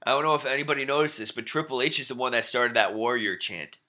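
A man's voice: mid-range voice, quick pace, pushed and bright. A man co-hosting a wrestling podcast, chatting casually and enthusiastically, often restarting his sentences. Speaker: podcast co-host.

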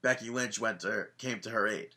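Podcast co-host, male, bright tense tone, animated recap chat. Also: fairly low pitch, a little fast. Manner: animated, acts out quotes in goofy voices. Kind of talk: casual wrestling recap chat.

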